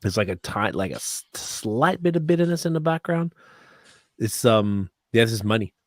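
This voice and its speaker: Man, fairly low voice, podcast host, enthusiastic, rambling, dry sound. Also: expressive, moderate pace, no room sound. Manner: enthusiastic, rambling tasting notes, swears casually. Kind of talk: casual podcast chat.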